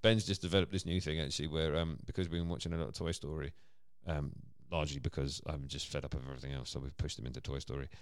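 A man's voice: a bass voice, fairly even intonation, quick pace, hardly any pauses, no room sound, studio quality. A man co-hosting a casual podcast chat, chatty and laughing often. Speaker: podcast co-host.

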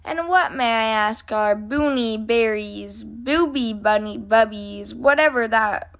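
A woman reading as a storybook father bear, patient and dryly bemused by his cubs' latest craze. the delivery stays calm and even, close to a plain reading voice. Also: on the high side, takes it slowly. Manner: calm, dry, bewildered.

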